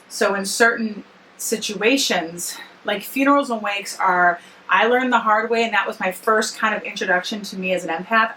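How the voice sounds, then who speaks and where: Chatty, bright-voiced woman vlogger rambling. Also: mid-range voice, a little hiss or hum, low-quality recording. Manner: rambling, self-correcting, chatty. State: tired after work, yawning. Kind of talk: casual personal storytelling to camera.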